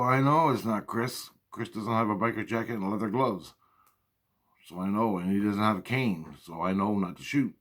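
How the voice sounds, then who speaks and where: Man with a deep voice for a casual, swear-heavy vlog monologue that loops back on itself. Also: fairly quick, a bit bright. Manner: profane, repetitive, restarts often. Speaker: vlogger. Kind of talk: rambling spoken monologue.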